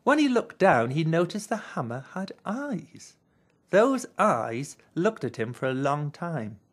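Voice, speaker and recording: A narrator reading a children's picture book aloud in a deliberate, expressive way. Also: medium pitch, husky.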